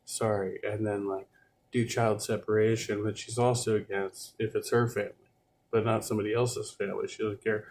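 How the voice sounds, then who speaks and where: A man's voice: lowish voice, flat delivery, fairly quick, a little mellow, a little hiss or hum. A man hosting a livestream, chatting loosely about news clips with fillers and the odd swear. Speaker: livestream host reacting to clips. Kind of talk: casual commentary.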